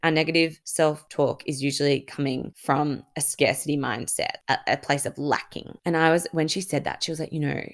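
A young woman hosts her own podcast and tells a personal story with a low, gravelly voice that slips into vocal fry. She talks candidly and casually, with lots of "like", swearing, and acted-out bits of what others said. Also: steady tone, normal speed, few pauses. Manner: candid and chatty, full of "like" and reported speech. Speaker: podcast host.

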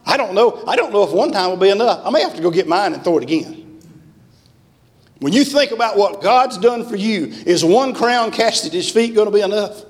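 High-voiced fervent preacher. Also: male voice, lively intonation, brisk. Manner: fervent, emphatic preaching that climbs on scripture. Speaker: guest revival preacher. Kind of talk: revival sermon. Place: church sanctuary. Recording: long church-hall reverb.

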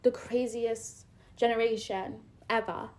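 A young woman in her twenties with a fairly high voice, chatting on a podcast. She tells stories with lots of energy and acts out little scenes with quoted voices. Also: measured pace. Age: 20s. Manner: animated storyteller, acts out scenes. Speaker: podcast co-host. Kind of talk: casual chat.

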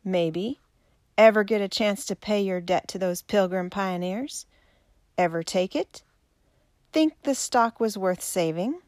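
A woman voicing a proud frontier man who speaks with a blunt, drawling, forceful manner. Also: medium pitch, unhurried, no echo, clean studio sound, lightly acted. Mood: defiant. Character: stubborn frontier man defending his land, proud.

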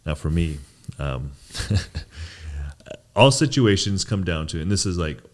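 A man's voice: sits low, lively intonation, takes it slowly. A young man co-hosting a podcast, talking in a rambling, reflective way and often tagging his points with "right?". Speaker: podcast co-host. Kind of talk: casual chat.

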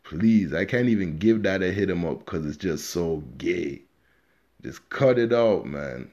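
Low-voiced man hosting a podcast. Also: animated, measured pace, darkish tone, muffled recording. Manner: loose, slangy, profane, talks straight to listeners. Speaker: podcast host. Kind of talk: casual unscripted podcast monologue.

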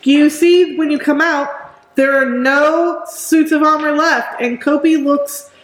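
A woman narrating as game master of a tabletop game, describing scenes in an unhurried way. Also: high voice, steady tone. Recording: echoey room with background music.

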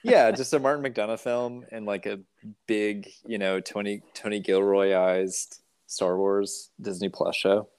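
A man hosting a podcast in casual chat, rambling and animated with restarts. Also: lowish voice, measured pace, clear, resonant tone, dry recording. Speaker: podcast host.

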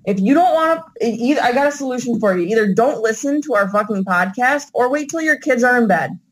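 A woman's voice: a little high, lively intonation, quick pace, low-quality recording. A woman co-hosting a casual wrestling podcast, backing up her partner with frank, profane remarks. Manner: agreeable, profane, backs up her co-host. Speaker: podcast co-host.

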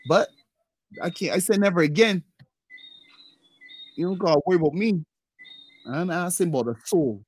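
Animated man telling stories. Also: moderate pace, long pauses, no echo, rough recording. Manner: animated storyteller, voice jumps high when acting out quotes. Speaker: podcast co-host. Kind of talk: casual storytelling chat.

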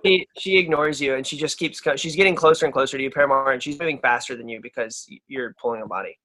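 A man's voice: mid-range voice, quick pace, pushed and bright. A young man narrating as game master, loose and rambling with many fillers.

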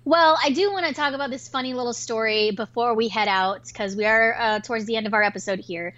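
A woman co-hosting a podcast, telling a story in a casual, animated way with plenty of swearing. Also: a little high, muffled recording. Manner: animated, profane, quick-tempered storytelling. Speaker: podcast co-host.

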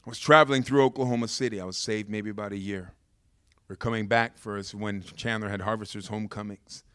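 A male pastor preaching a sermon and telling a story, moving from hushed reflection to loud, shouting excitement. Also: on the low side, brisk, clean tone, no echo.

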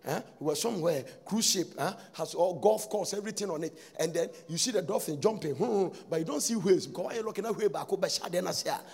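A man preaching a sermon, breaking into sudden shouts and sing-song lines. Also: high voice, quick pace, vocal fry, few pauses, husky.

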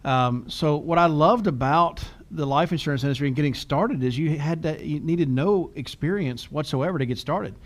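A man's voice: a little high, normal speed, few pauses. A middle-aged man co-hosting a podcast, chatting casually and telling self-deprecating stories with frequent laughs. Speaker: podcast co-host.

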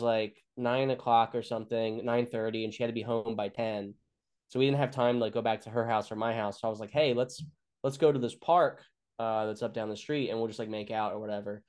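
A man's voice: fairly low pitch, darkish tone, smooth. Rambling, swearing man telling a story. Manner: rambling, many fillers and restarts, swears freely. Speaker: comedian guest. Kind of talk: casual storytelling chat.

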